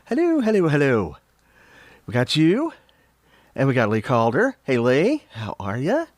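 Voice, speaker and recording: A man's voice: mid-range voice, wildly swooping pitch, measured pace, dry recording, clean studio sound. A slightly out-of-breath man hosting a casual livestream, chatting with viewers, greeting them by name and chuckling often. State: a little out of breath. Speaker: livestream autograph-signing host.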